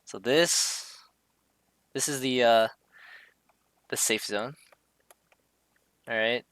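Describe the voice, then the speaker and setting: Male streamer, casual hesitant commentary, bright tone, dry close recording. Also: medium pitch, very slow, clear, resonant tone, no echo. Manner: hesitant, many fillers and restarts, self-interrupting. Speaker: streamer explaining a drawing. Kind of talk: casual rambling commentary over a drawing.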